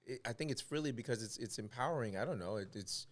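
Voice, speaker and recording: A man's voice: mid-range voice, animated, quick pace. A man co-hosting a podcast, talking casually and rambling with many restarts. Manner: rambling, repeats himself, restarts. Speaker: podcast co-host.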